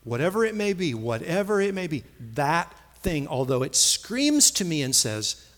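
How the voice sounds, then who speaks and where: A middle-aged man preaching a sermon in a church, emphatic and repetitive, swinging between soft asides and loud, stressed phrases. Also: on the high side, sing-song, normal speed. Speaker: pastor. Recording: long hall reverb.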